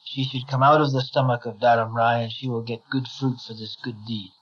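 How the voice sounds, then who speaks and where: A man reading as a calm, commanding supreme creator. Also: medium pitch, brisk, husky. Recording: slightly dull lo-fi recording.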